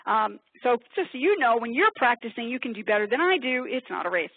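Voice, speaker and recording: A woman from upstate New York presenting a webinar, talking quickly in a chatty, self-deprecating way. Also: on the high side, big pitch swings, slightly rough, no room sound. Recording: tinny phone-like webinar audio.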